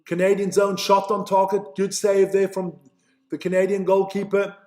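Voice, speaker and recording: A man from Switzerland giving chatty, excitable live play-by-play commentary for a stream, stumbling over player names and reading out the chat. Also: high voice, moderate pace, roomy sound.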